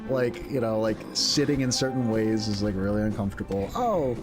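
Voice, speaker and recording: A man's voice: steady tone, a little fast, over music. A young man streaming a video game, rambling casually with lots of filler words and frequent laughs. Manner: jumps into high squeaky voices when quoting others. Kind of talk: casual gameplay commentary.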